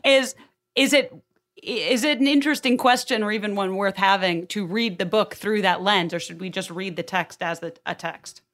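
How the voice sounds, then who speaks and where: A young woman hosting a casual book discussion, thinking out loud with frequent restarts. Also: medium pitch, moderate pace. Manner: thinks aloud with restarts, animated.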